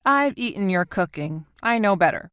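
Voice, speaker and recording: A woman's voice: mid-range voice, expressive, normal speed, a bit bright, smooth, dry recording, studio quality, natural voice. A woman reading the lines of a young man who is tired and dryly joking, in an audiobook. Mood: wry. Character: young male traveler, tired and wry.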